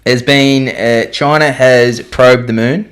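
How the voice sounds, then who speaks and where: A man's voice: mid-range voice, fairly even intonation, takes it slowly, fairly bright tone. Dry teasing podcast man. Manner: dry, teasing, hesitant with fillers. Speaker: podcast co-host reading news. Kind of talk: casual chat.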